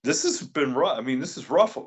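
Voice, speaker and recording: A man's voice: on the high side, wildly swooping pitch, a little fast, husky. A man hosting a podcast in easygoing, chatty conversation, often laughing along. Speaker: podcast host. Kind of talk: casual podcast chat.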